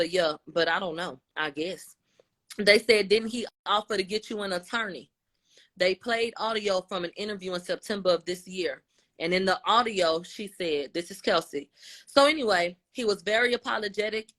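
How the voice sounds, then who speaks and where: Woman, mid pitch, casual commentator, quotes others with changes in tone and loudness. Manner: conversational, retelling quotes with shifts in tone and loudness. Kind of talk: casual recap.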